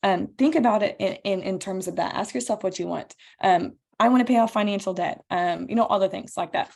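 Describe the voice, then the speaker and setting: A woman hosts a team call over video, coaching her listeners through a motivational training talk. Her voice has a gravelly, creaky edge, pitched in the middle range. She sounds earnest and encouraging and speaks straight to her audience. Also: brisk, a little mellow. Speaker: team leader hosting a call.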